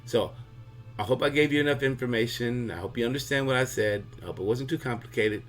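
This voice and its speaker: A man's voice: mid-range voice, quick pace, faint music behind. Male host giving a casual comic explainer, chatty and fond of analogies. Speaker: video host.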